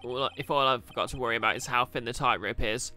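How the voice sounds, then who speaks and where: A man voicing an earnest young male defense lawyer in a video game, steady and lower-pitched. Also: quick pace, soft background music. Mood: determined.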